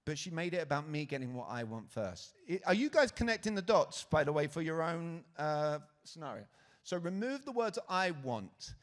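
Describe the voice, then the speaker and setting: Lively male conference speaker. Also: fairly high pitch, moderate pace. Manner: lively, asks the audience questions, acts out quotes. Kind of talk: live keynote talk on sales. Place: conference hall stage.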